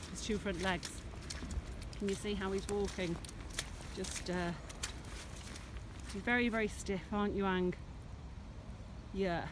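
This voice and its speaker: A woman with a medium-pitched, somewhat bright voice gives a casual walking tour of her smallholding, with a little hiss or hum audible. She chats aimlessly and adores her animals, recording herself outdoors in a farm field with a handheld camera.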